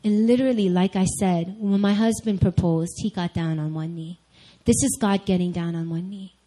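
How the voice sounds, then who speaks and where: A woman's voice: lowish voice, normal speed, poor audio. A young adult woman preaching to a church group, weaving a personal story into the sermon and talking straight to her listeners. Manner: animated storyteller, addresses listeners directly. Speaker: speaker at a church group meeting.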